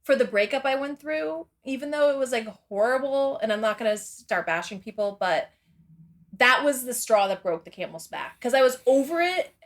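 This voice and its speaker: A woman with a fairly high voice chats casually as a podcast guest. She talks in loose, rambling runs and swears without a second thought. Laughter keeps breaking into her sentences. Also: expressive, moderate pace. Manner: rambling and candid, swears freely; laughs often between thoughts. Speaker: interview guest. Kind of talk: casual interview chat.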